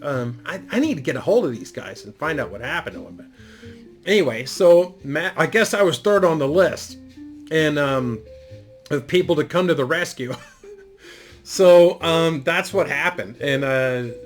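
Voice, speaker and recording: A man's voice: on the high side, lively intonation, moderate pace, soft background music. Rambling, profane middle-aged storyteller man. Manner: rambling, profane, laid-back delivery with frequent fillers. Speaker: YouTube storyteller. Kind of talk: casual storytime monologue.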